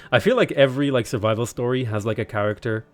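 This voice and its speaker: A young man streaming a strategy game, chatting casually in a rambling, joking way. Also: medium pitch. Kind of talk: casual livestream commentary.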